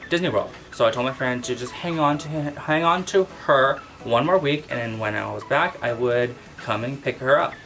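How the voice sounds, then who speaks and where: A man vlogger telling a casual storytime about his pet, animated and full of exclamations. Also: medium pitch. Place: at home with his cat.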